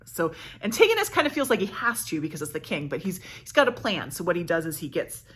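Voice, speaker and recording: A woman's voice: on the low side, very animated, fast talker, fairly bright tone, breathy edge. A woman vlogger casually summarizing a plot, chatty and correcting herself as she goes. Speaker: book vlogger.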